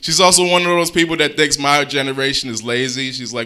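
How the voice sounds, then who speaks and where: A man's voice: medium pitch, fairly even intonation, fairly quick, few pauses, bright, forceful tone, smooth. A young adult man performing a stand-up comedy routine in a laid-back, self-deprecating, conversational way on a comedy club stage, speaking into a handheld mic.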